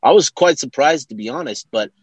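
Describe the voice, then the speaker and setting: A man co-hosting a sports podcast, chatting casually and often pausing to search for words. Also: mid-range voice, expressive, slightly rough, dry recording. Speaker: podcast co-host.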